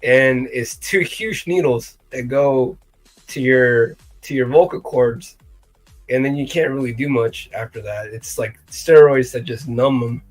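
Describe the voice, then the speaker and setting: A man co-hosting a casual live-stream chat, animated and playful, often slipping into impressions. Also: mid-range voice, measured pace, faint music behind. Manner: animated, playful, jumps into voices. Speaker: co-host.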